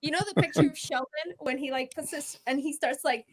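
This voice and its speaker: A woman co-hosting a casual podcast chat, teasing and quick to laugh. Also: high voice, steady tone, a little hiss or hum. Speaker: co-host.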